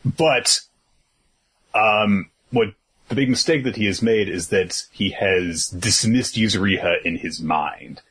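A man in a casual talk, retelling a story with animated energy and acting out lines. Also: on the low side, slow, slightly rough. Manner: animated storytelling, acts out quotes, swears casually. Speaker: podcast co-host recapping a manga chapter.

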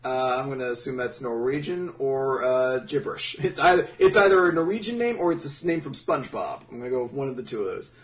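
A man's voice: medium pitch, expressive, fast, hardly any pauses. A man co-hosting a casual podcast, rambling with many fillers and restarts. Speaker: podcast co-host. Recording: voice a bit far from the mic.

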